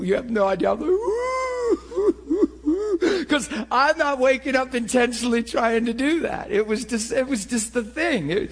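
A man preaching and telling his own story in a sermon, with animated storytelling that rises to shouts. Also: high-pitched, breathy edge. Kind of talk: sermon testimony.

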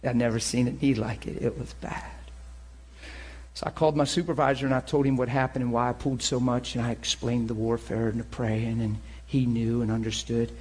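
A man preaching and telling his own story in a sermon, with animated storytelling that rises to shouts. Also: mid-range voice, fairly quick, breathy edge. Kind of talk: sermon testimony.

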